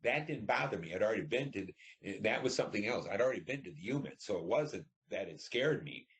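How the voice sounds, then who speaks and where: Very deep-voiced older man telling war stories. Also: animated, fast talker, a bit bright. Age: 70s. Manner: rambling, blunt and profane, with many restarts. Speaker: veteran recounting war service. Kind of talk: oral history storytelling.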